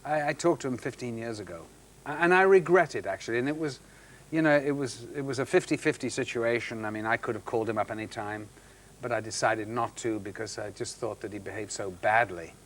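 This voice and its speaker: A man's voice: mid-range voice, a bit bright, slight background noise. Middle-aged male guest, anecdotal storyteller, stumbles and restarts, mimics others. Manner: halting restarts, acts out quoted voices. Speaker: actor guest. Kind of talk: anecdotal chat show storytelling.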